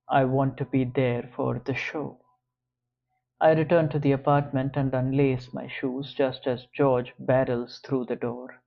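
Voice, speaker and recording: Male audiobook narrator, slow deliberate first-person read, slightly muffled audio. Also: mid-range voice, creaky.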